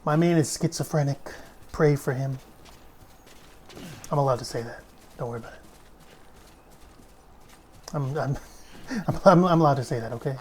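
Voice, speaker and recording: A woman's voice: a bass voice, moderate pace, pauses often, a little mellow, slight background noise. A woman playing a video game and talking casually, goofing around and breaking into improvised silly songs. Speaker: let's play gamer. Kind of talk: casual gameplay commentary.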